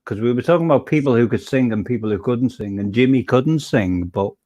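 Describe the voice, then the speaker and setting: English man, chat host, rambly and halting, casual. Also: medium pitch, warm tone, muffled recording. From England.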